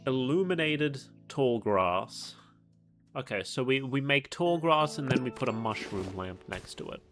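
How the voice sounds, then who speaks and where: A man gives casual commentary while he plays a video game, reading item names and messages aloud and musing to himself. His pitch moves around a lot as he talks. Game music is clearly heard behind him. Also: animated, a little slow, a bit bright. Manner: reads game text aloud, muses as he plays. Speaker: streamer.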